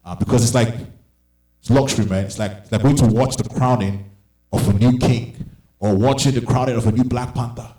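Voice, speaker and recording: Man, stand-up comedian, young adult, animated storyteller, average pitch, roomy echo. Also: a little fast. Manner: animated, acts out voices of people in his stories.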